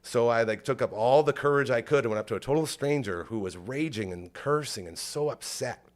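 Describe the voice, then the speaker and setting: Speaking fairly quickly in a mid-range voice, this male podcast host rambles through an emotional story in casual chat, peppering it with "like."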